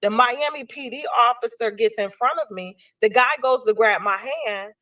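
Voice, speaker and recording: A woman's voice: fairly high pitch, normal speed, pushed and bright. A woman, animatedly recounting an incident and acting out the voices of people in it. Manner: acts out quotes in shifting voices. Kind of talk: animated storytelling.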